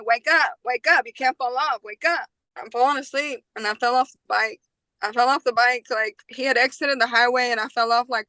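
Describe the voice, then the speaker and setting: A woman's voice: a little high, bright, forceful tone, dry recording, rough recording. A woman in her twenties, a podcast guest, tells a personal story in a casual, slangy way, acting out other people's lines.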